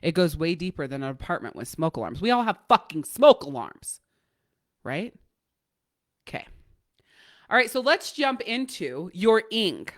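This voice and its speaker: A woman life coach giving a motivational coaching talk, blunt and profane, driving points home with fast repetition. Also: on the low side, fairly bright tone, dry recording, clean studio sound.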